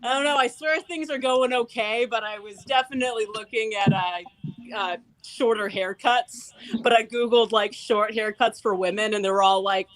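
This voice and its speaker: Young woman, stand-up comic, slightly high voice, chatty and rambling, laughs at own lines. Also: moderate pace, fairly bright tone. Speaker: stand-up comedian. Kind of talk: stand-up comedy set.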